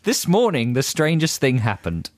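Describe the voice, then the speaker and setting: A man's voice: mid-range voice, very animated, normal speed, no echo. A man co-hosting a radio show, reading out listener jokes in casual banter with a dry, playful, giggly manner. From England. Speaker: radio co-host. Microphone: studio microphone.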